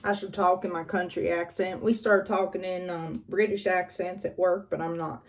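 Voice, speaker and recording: A young woman from West Virginia with a mild northern West Virginia accent, chatting casually as she gets ready, rambling and often trailing off quietly. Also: on the low side, fairly even intonation, moderate pace. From West Virginia, USA. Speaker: vlogger. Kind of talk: casual get-ready-with-me chat.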